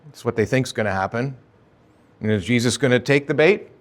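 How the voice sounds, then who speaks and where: A man's voice: mid-range voice, a little fast. A male pastor preaching an expository sermon in a conversational way, often asking rhetorical questions.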